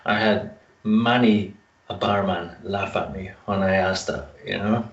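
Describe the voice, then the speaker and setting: Irish co-host with a lowish voice, wry jokes, distant muffled mic. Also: male voice, steady tone. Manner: wry, joking, quick asides. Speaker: podcast co-host. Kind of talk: casual chat. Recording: roomy, distant, dull mic.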